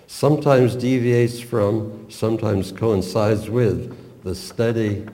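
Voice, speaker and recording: A man lecturing on expressive poetry reading, with measured, deliberate and precise academic diction. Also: sits low, in a large hall.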